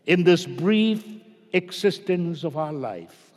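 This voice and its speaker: A male pastor preaching a sermon, swinging between shouted lines and low hushed ones. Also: expressive, slow pace. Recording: long reverb of a large hall.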